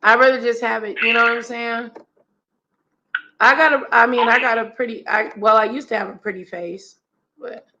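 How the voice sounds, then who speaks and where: Raspy, bright-voiced woman chatting. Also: fairly high pitch, steady tone, normal speed, dull audio, a little hiss or hum. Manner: loud playful banter, laughs often. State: raspy right now. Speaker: host. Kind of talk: casual chat.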